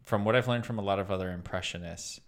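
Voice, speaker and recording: A man's voice: sits low, fast, a crowd in the background. A man hosting a casual comedy podcast, rambling and trying out voices between thoughts. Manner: rambling, tries out impressions mid-sentence. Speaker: podcast host.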